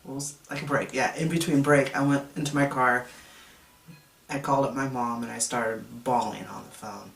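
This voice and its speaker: A man's voice: medium pitch, steady tone, normal speed, creaky, fairly bright tone. A man in his thirties telling his own story in a reflective, confessional way. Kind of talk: personal testimony vlog. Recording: echoey room, mic at a distance.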